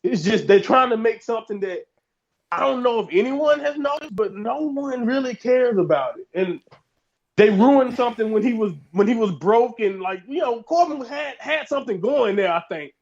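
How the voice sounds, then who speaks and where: Man, high voice, dull lo-fi sound, casual rambling podcast chat. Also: animated, normal speed. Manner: rambling, hedging, restarts often. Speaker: podcast co-host.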